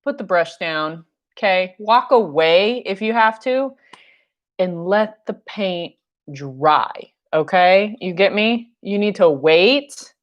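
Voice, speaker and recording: A young woman leads a painting class over a live stream, chatty and full of jokes, frequently laughing at her own asides. Her voice sits at a medium pitch and sounds animated, though she takes her time, and the recording is muffled.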